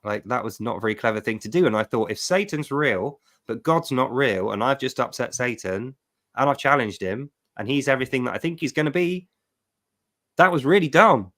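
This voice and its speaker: A man's voice: medium pitch, lively intonation, fairly quick, fairly bright tone. Middle-aged man telling an emphatic story. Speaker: livestream host. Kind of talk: personal testimony storytelling.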